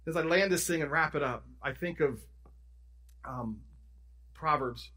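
Pastor, male, sermon; husky, slightly high voice, conversational and emphatic, restarts often. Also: measured pace, sharp tone. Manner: conversational preaching, restarts and self-corrections, emphatic storytelling.

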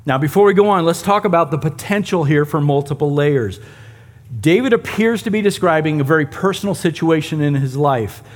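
A man preaching a sermon and teaching a Bible passage in a conversational way, with asides to the congregation. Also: fairly high pitch. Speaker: pastor.

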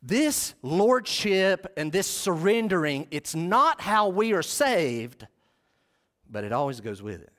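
A passionate man preaches a sermon to his congregation. His high voice swoops widely as he presses each point with emphasis. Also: sing-song, slow, a bit bright. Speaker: pastor.

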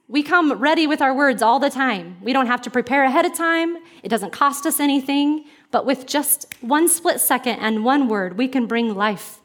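A woman pastor delivering a sermon in an animated, conversational way. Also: sits high, normal speed, few pauses.

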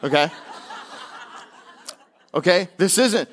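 A male pastor preaching a sermon, emphatic, with casual, conversational asides between declarations he slows down and lifts. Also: sing-song, fairly bright tone. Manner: slows and climbs in pitch on key declarations.

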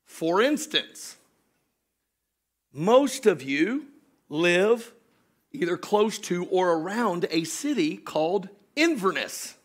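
A man preaching a sermon, animated, swinging from shouted storytelling to hushed joking asides with his congregation. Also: high voice, slow pace, long pauses. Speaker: pastor.

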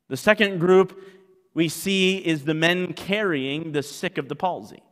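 A man from Canada preaching a sermon as pastor, swinging from quiet asides to loud, acted-out exclamations. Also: fairly high pitch. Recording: long reverb of a large hall.

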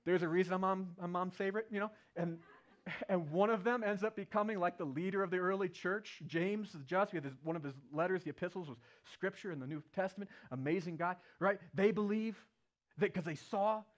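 A man preaching an Easter sermon as a playful, animated retelling with acted-out quotes. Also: sits high, brisk. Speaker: pastor. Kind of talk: storytelling sermon.

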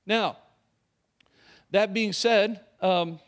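A man's voice: high voice, very slow. A middle-aged male pastor preaching a sermon, emphatic, repeating key phrases and putting questions to the congregation.

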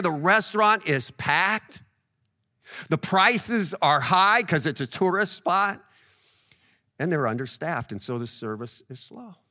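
A man's voice: sits high, bright, forceful tone. A male pastor preaching a sermon in a conversational way, tying the scripture to everyday examples and often checking in with "right?".

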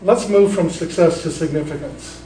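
A man preaching a sermon as a pastor, telling stories in a relaxed, conversational way with frequent restarts. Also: on the high side, moderate pace, echoey room, distant mic, slight background noise, poor audio. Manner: conversational storytelling with many restarts.

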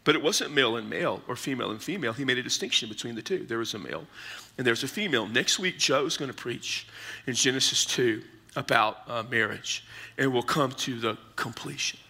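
A male pastor preaching a sermon, explaining scripture in short, measured phrases. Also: mid-range voice, expressive, gravelly, bright, forceful tone, breathy edge. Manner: explanatory teaching, pausing between short phrases.

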